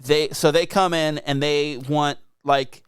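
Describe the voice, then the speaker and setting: Teasing, clear-voiced man with a higher pitch. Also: flat delivery, dry recording, studio quality. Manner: teasing, quick jokes, laughs a lot. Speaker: podcast co-host. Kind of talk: casual chat.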